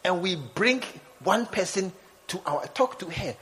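Animated preacher, high and lively. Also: male voice, a little slow, long reverb tail, low-quality recording. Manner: animated, acts out scenes, jokes with the congregation. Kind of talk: lively sermon.

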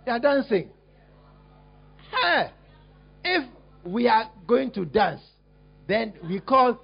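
A man preaching a lively sermon as a pastor, teasing and exclaiming at his congregation while acting out a scene. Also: extremely high pitch, slow, creaky, pauses often, slightly rough. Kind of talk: lively sermon with acted-out demonstration. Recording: dull lo-fi recording.

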